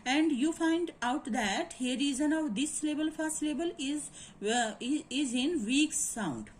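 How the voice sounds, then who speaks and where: A woman teaching word stress in a halting lecture, with many fillers and quick Hindi asides. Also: high-pitched, a little hiss or hum, low-quality recording. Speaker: English literature teacher.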